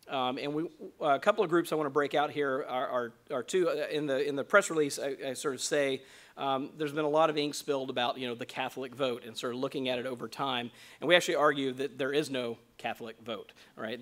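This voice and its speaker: A man walks an audience through survey findings at a conference, speaking at an ordinary mid pitch. He leans on frequent fillers and restarts as he explains each chart. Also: fairly bright tone. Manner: many fillers, explaining survey figures slide by slide. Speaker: survey researcher presenting findings. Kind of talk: conference presentation. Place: conference room.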